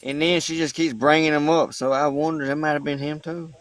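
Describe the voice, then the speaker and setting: A man's voice: on the high side, little pitch movement, a little fast. A man chatting casually on a livestream, recounting gossip about an online account. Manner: storytelling, casual.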